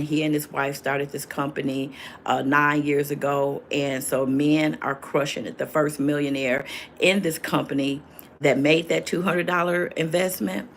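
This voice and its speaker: A woman's voice: low voice, a little hiss or hum. An older woman in her sixties, chatting casually on a livestream as host, reading viewers' comments aloud and answering them.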